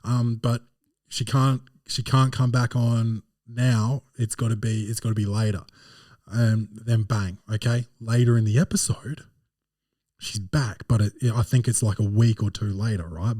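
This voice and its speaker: A man's voice: lowish voice, fairly even intonation, normal speed, warm tone, dry recording, studio quality. A man with an Australian accent, hosting a podcast and telling a rambling, slangy, digressive story as comedic review. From Adelaide, Australia. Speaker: podcast host.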